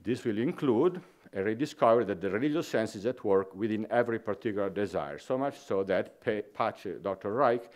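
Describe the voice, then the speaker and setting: A man giving an academic conference lecture, deliberate and careful, stopping to reread his main point and check in with the audience. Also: lowish voice, expressive, darkish tone.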